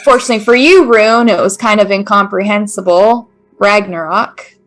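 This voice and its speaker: A woman's voice: medium pitch, moderate pace, a bit bright, soft background music. A woman running a tabletop game as game master, narrating in a loose, casual way.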